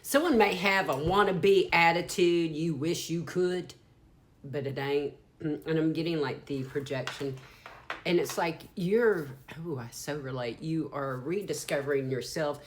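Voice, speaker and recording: A woman's voice: low voice, slight background noise. A woman in her fifties with a Southern US accent, giving a rambling, frank and sometimes profane channeled tarot reading. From Deep South, USA. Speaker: psychic tarot reader.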